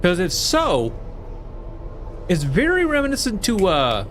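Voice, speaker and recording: Lively-pitched man chatting through a game. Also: a little slow, slight background noise. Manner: rambling and playful, with frequent fillers and restarts; tries silly put-on accents and laughs at himself. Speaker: let's play streamer. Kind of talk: casual game commentary, reading on-screen text aloud.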